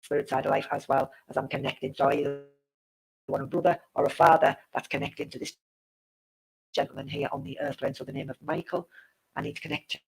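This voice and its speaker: Gravelly woman giving a live reading. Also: rumbling low, lively intonation, brisk, rough recording. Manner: chatty, repetitive, laughs at tech trouble. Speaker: psychic medium. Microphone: live-stream setup with a glitchy connection.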